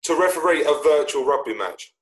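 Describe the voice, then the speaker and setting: A man co-hosting a podcast in casual chat, relaxed, with dry asides. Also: on the high side, brisk, roomy sound. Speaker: podcast co-host.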